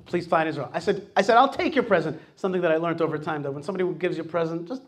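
A middle-aged man hosting a talk show, telling stories in a lively, animated way and acting out what people said to him. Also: a little high, rapid-fire. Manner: animated storytelling, acts out quotes. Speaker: host. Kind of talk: casual radio talk.

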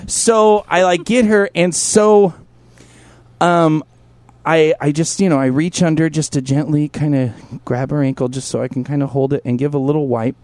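A middle-aged man hosting a radio show, telling a crude comic story in an animated way, swearing freely and bursting into shouted impressions. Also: a little high, normal speed, no echo.

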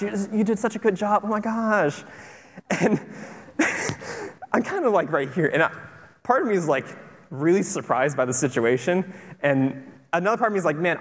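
A man preaching a sermon as a pastor, telling stories in an animated, conversational and earnest way. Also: high-pitched. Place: church sanctuary. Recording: long hall reverb with faint music.

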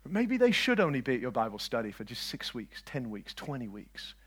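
Animated man preaching a sermon. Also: medium pitch, fairly quick, husky. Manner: animated, swings from loud exclamations to quiet asides; jokes with the audience.

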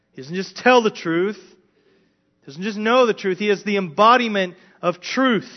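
A pastor preaching a sermon in an earnest way, often repeating words as he builds his points. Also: sits high. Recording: dull lo-fi sermon recording.

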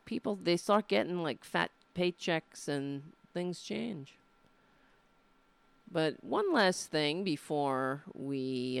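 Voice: mid-range voice, gravelly, clear, resonant tone, no room sound. A livestream show host talking casually and earnestly, emotional and rambling, with frequent restarts.

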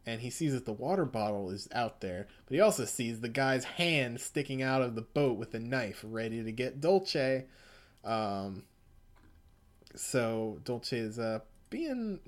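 A man in casual chat, recapping a manga in a rambling, chuckling way. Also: mid-range voice. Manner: rambling, chuckling, laid-back storytelling. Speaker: podcast co-host.

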